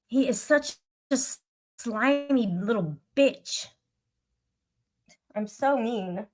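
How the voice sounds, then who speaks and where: A woman's voice: a little high, animated, very slow, a little mellow. Aggrieved woman ranting to her chat. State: upset. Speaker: livestreamer. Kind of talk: venting to live chat.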